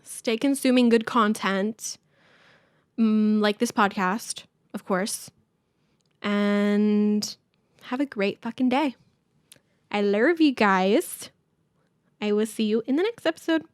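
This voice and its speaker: A woman's voice: mid-range voice, slow, pauses often, clear, resonant tone, no echo, clean studio sound. A young woman hosting her own casual podcast, rambling, self-deprecating and swearing freely. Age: young adult. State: out of breath. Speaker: podcast host. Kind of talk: casual solo podcast chat. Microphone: camera mic.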